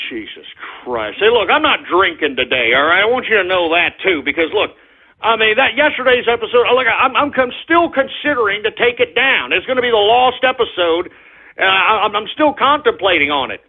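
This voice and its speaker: A man hosting an internet radio talk show, ranting and cursing at trolls and breaking into shouts. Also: sits high, lively intonation, normal speed, husky. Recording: tinny phone-like lo-fi audio.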